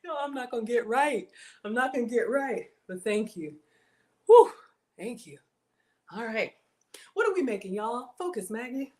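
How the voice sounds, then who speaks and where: A woman's voice: fairly high pitch, big pitch swings, moderate pace, pauses often, a little mellow. A woman hosting a casual live cooking stream, playful and theatrical, breaking into gasps and whispered asides. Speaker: home cook and live-stream host.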